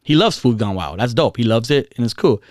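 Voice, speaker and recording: A man's voice: mid-range voice, animated, brisk, no echo, clean studio sound. A man ranting casually and heatedly, repeating himself, swearing and using slang. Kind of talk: casual rant.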